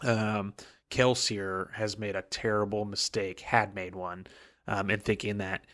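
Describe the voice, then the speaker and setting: A man's voice: lowish voice, flat delivery, measured pace, fairly bright tone. A man co-hosting a podcast, recapping a book in a rambling, casual way with many fillers. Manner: rambling, lots of "like" and "um". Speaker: podcast co-host.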